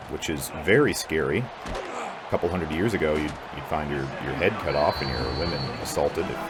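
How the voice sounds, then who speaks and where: A young man with a deep, low voice narrates his own video game match in casual play-by-play. He sounds sarcastic and exasperated, and he curses freely at his players. Game music plays clearly behind him. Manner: frustrated, swears a lot, sarcastic, prone to angry outbursts.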